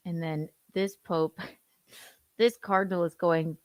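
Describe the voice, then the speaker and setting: Teasing, low-voiced woman host. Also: slow, long pauses, no echo. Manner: teasing, playful, deadpan jokes. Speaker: podcast host. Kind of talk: comedic casual chat.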